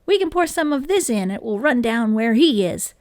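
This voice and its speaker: A woman doing a loud eager young boy. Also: a little high, animated, normal speed, no echo, studio quality, close to an everyday voice. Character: eager impulsive boy, older brother.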